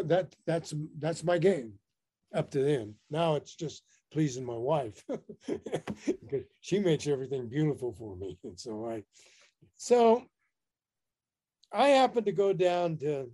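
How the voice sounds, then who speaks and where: A man telling a personal story in a casual interview, animated and laughing often as he talks. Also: on the high side. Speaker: interview guest.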